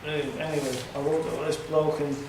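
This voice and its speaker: A man's voice: fairly high pitch, flat delivery, quick pace, noisy background. An older man, performing comic songs and verse live, half-singing with dry, chatty asides between numbers. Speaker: performance poet. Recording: echoey room recorded from far off.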